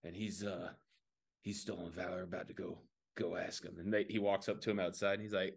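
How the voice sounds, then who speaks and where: A man's voice: sits low, fairly quick, gravelly. A man from Tennessee hosting a casual podcast, telling stories and acting out the voices in them. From Tennessee, USA. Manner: animated storyteller acting out voices. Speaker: podcast host. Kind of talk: casual chat, retelling funny videos.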